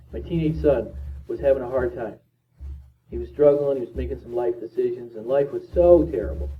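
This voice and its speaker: A middle-aged man giving a motivational talk, telling a story with emphatic swings between loud and quiet. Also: mid-range voice. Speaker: motivational speaker. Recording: tinny distant sound with faint ambient noise.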